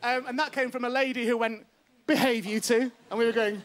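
A man's voice: very high-pitched, little pitch movement, quick pace, noisy background. A male comedian telling a stand-up story before a live studio audience, acting out the voices of the people in it. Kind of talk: stand-up anecdote. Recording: TV studio with loud audience laughter.

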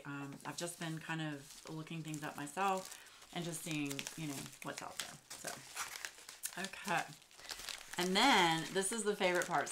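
A woman, chatting casually and excitedly as she shows off craft supplies, with lots of fillers and gushing. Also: low-pitched, a little hiss or hum. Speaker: craft vlogger. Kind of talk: casual show-and-tell chat.

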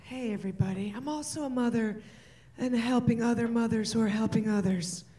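High-voiced woman doing stand-up. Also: brisk, far from the mic, a little hiss or hum. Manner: bursts into shouting and laughing. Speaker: stand-up comedian. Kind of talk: stand-up comedy set. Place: stage before an audience.

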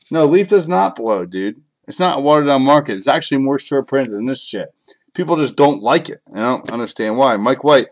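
Grumbling, foul-mouthed card break host. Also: male voice, mid-range voice, lively intonation, a little fast. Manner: frustrated, profane, grumbling between card calls. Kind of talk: live card break commentary.

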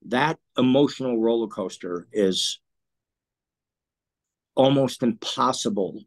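A man in his sixties telling a personal story in an interview, earnest and emotional, often clearing his throat. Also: lowish voice, darkish tone. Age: 60s. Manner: earnest, emotional, halting with restarts. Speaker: interview guest.

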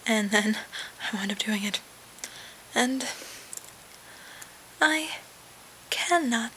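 A woman's voice: a little high, very slow, pushed and bright, slight background noise, rough recording. Rambling chatty young woman on a webcam. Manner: rambling, chatty, lots of fillers and trailing asides. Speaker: vlogger. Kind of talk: casual webcam vlog. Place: sitting in bed at home.

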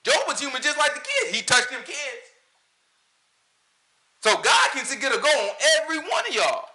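Lively, bright-voiced man preaching casually. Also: extremely high pitch, normal speed, slight background noise. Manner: animated, talks to the room, mimics pastors. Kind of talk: casual sermon.

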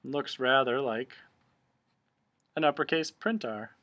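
Male teacher for a cursive lesson, unhurried and patient, mid-pitched voice. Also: sharp tone. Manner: patient, step-by-step explaining. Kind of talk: remote handwriting lesson.

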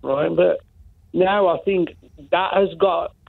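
High-voiced male caller on phone line. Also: slow, gravelly, no room sound. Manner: earnest, checking in with rhetorical "right?". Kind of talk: phone-in call.

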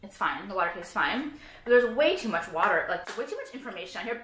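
A woman's voice: mid-range voice, animated, quick pace, fairly bright tone, echoey room. A woman vlogging casually, ranting about products with heavy swearing, sarcasm and lots of "like". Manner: profane, sarcastic, frequent "like".

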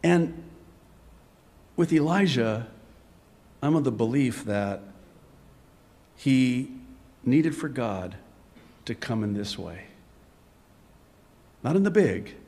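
A man preaching a sermon in an animated way, dropping to a whisper for dramatic effect. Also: on the high side, slow, long pauses, in a large hall. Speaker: pastor.

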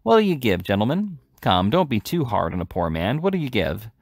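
A man's voice: lowish voice, big pitch swings, normal speed, no echo, studio quality. A man voicing a poor, wheedling male chimney sweep haggling over a price.

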